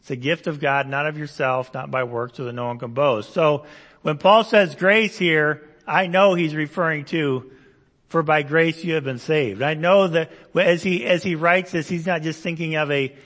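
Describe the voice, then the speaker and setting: A man's voice: fairly high pitch, fairly bright tone, long reverb tail. A man preaching a Bible-teaching sermon, explaining verses conversationally with asides and rhetorical questions. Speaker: pastor.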